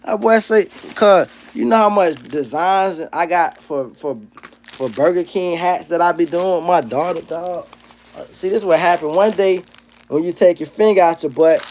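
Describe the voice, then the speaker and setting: Slangy man, animated livestream banter. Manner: animated, swings from low mumbling asides to loud heated rants. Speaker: livestream host. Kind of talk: casual livestream reading chat comments.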